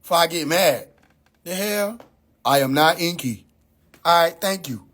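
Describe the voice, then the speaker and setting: A man's voice: on the high side, animated, unhurried, fairly bright tone. A man hosting a livestream, ranting in a mocking, incredulous way and swearing constantly. He keeps repeating his own questions for effect. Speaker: livestream host. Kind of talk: profane comedic rant on a livestream.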